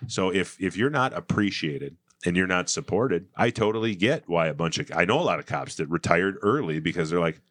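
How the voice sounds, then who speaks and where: A man's voice: low-pitched, animated, brisk, hardly any pauses, fairly bright tone, no echo, clean studio sound. A middle-aged man talking earnestly as a podcast guest, rambling with fillers and restarts. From United States. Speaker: political candidate and guest. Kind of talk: casual podcast conversation.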